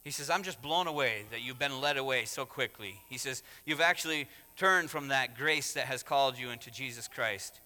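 A man's voice: medium pitch, moderate pace, hardly any pauses. Emphatic preacher man in a reverberant hall. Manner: emphatic, rising to loud exhortation. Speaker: pastor. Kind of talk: sermon.

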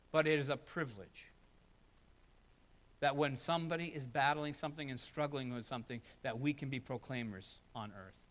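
A man's voice: on the high side, a bit bright. A man preaching a sermon as pastor, emphatic and building with repeated phrases, in a church sanctuary. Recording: long hall reverb.

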